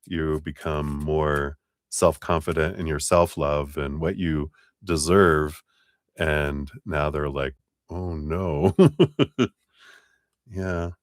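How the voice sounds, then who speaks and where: A deep-voiced man giving a live tarot reading to viewers. He chats loosely, laughs a lot and slips into quick acted-out quotes. The sound is dry and close. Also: steady tone, dry recording. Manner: chatty, laughs often, acts out quotes. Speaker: tarot reader.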